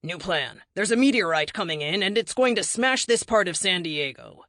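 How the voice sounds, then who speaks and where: A woman's voice: on the low side, expressive, moderate pace, a bit bright, no echo, clean studio sound. A woman voicing a young male superhero leader, sarcastic and commanding.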